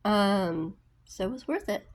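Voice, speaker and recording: Lady book vlogger telling a story real slow, lots of ums and restarts. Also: medium pitch, animated. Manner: rambling, many fillers and restarts. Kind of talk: casual storytelling.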